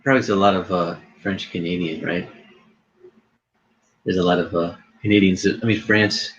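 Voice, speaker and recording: Deep-voiced laughing man, lo-fi call. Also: steady tone, normal speed, fairly bright tone, breathy edge. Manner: chatty, laughing, loose storytelling. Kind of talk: casual chat.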